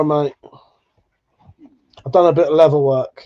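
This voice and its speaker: A man's voice: on the high side, normal speed, long pauses, dark tone, dull audio. A man hosting a casual live chat stream, laid-back and tired, who swears freely as he chats to viewers. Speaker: livestream host.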